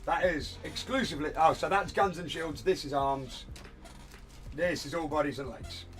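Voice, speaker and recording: A man's voice: on the high side, normal speed, a bit bright, faint music behind. A man chatting casually on a hobby livestream from a room at home, rambling and self-deprecating while he works at his desk. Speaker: streamer.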